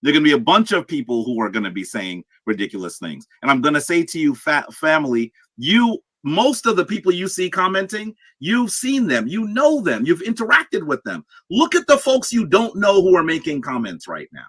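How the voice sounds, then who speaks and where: A man hosting a live-streamed discussion, measured and lecturing as he speaks to the chat. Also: on the high side, sing-song, fairly bright tone, husky, no echo. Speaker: show host.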